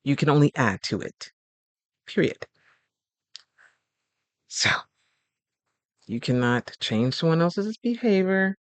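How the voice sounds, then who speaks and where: A man's voice: a little high, big pitch swings, slow pace, long pauses, no echo. A man hosting a casual advice talk on relationships, speaking in a loose, colloquial way and acting out little scenes. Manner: chatty, acts out little scenes in quoted voices.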